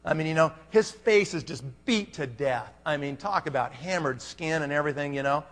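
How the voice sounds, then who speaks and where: A man speaking at a business conference who tells a comic story, acting out each person in it. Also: fairly high pitch. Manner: animated, acts out every character. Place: large conference hall. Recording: long hall reverb.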